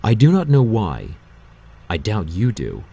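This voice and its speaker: A man reading an audiobook, voicing a menacing ancient male god of death who hisses slow threats. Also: fairly low pitch, wildly swooping pitch, gravelly, mellow, slightly rough, heavily acted. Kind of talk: audiobook character voice.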